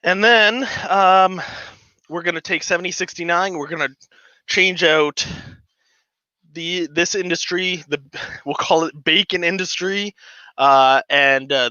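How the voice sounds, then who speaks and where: A man hosting a casual home livestream, chatting and rambling with lots of fillers, excited and a bit giddy. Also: a little high, clean tone, dry recording, highs cut off. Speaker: livestream host. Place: home model railroad room.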